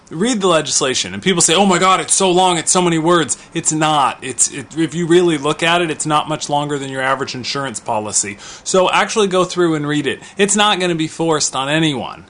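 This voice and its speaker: A man's voice: on the high side, fairly bright tone. A man in his thirties speaking in an opinion vlog, vocal and outspoken, talking with conversational restarts. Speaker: vlogger.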